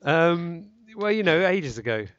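A man's voice: on the high side, big pitch swings, a little slow, no echo, lo-fi sound. A man hosting a casual podcast, rambling and joking with a co-host. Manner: rambling, jokey, laughs often.

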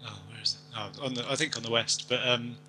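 A man's voice: medium pitch, fairly even intonation, fairly quick, bright, forceful tone, slight background noise, poor audio. An Englishman co-hosting a podcast, chatting casually in a rambling, joking way. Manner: rambling, jokey, puts on silly accents. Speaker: podcast co-host. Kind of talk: casual chat.

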